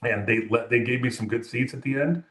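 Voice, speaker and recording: A man's voice: mid-range voice, a little fast, fairly bright tone, reverberant. A man from California, a music photographer, telling a long story in an interview with many fillers and restarts.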